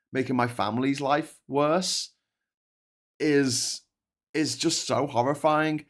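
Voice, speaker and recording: A middle-aged man with a Scouse accent hosting a livestream, ranting angrily and bluntly with heavy swearing, then reading out viewer comments. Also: medium pitch. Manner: angry, profane, blunt. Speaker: host.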